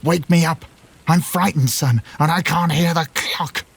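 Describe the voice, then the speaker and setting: A man voicing the blind, frightened ghost of an old father who pleads slowly and wails. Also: medium pitch, dry recording. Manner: pleading, wailing, slow.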